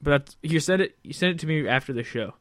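A man's voice: fairly high pitch, lively intonation, quick pace, fairly bright tone, dry recording. Laid-back man co-hosting, dry sound. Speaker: co-host. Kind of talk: casual chat.

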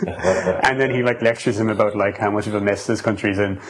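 A man's voice: on the low side, fairly quick, a crowd in the background, poor audio. A man co-hosting a casual film podcast, retelling scenes and quoting lines with lots of fillers. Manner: animated retelling with quoted lines. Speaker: podcast co-host. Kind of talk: casual film review chat.

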